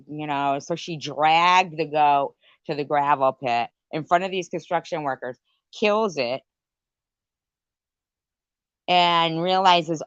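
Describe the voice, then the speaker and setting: A woman's voice: low-pitched, slow, no echo, dull audio. A woman hosting a late-night live stream chat, telling stories in a profane, rambling rant. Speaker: livestream host.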